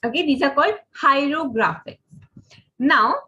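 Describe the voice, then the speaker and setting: A woman's voice: high voice, moderate pace, bright, forceful tone, lo-fi sound. A young woman telling a story to a children's class, dramatic and asking the kids questions.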